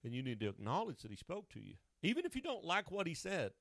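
A man preaching a sermon, swinging between loud emphatic lines and hushed asides. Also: fairly high pitch, huge pitch swings, fast, gravelly, no room sound, clean studio sound.

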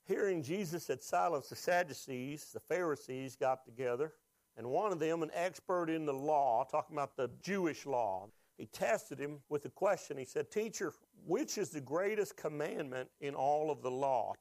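A man's voice: on the high side, lively intonation, moderate pace, a little mellow, no echo. A pastor preaching a sermon, asking the congregation questions and rising with emotion as he is moved.

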